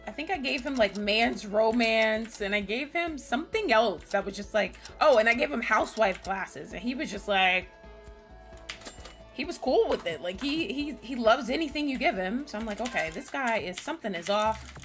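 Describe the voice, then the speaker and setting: A woman's voice: on the high side, expressive, normal speed, fairly bright tone, faint music behind. A woman streamer casually recapping a video game story, chatty and giggly, with loose swearing. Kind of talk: casual let's-play recap.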